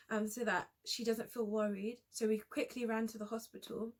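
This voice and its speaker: A young woman vlogger telling a personal story in a hesitant, halting way, often restarting her sentences. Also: mid-range voice, little pitch movement. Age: young adult.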